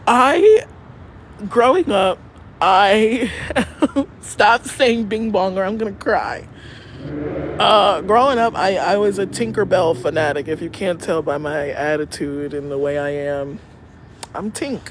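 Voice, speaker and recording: A woman streams live from a city street, chatting in a loose, rambling way and swearing freely. Her voice sits in a middle range. Traffic and street noise are clearly heard behind her, and the street gives off an echo. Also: mid-range voice, animated, takes it slowly. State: cold. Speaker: livestreamer. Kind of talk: casual live-stream chat.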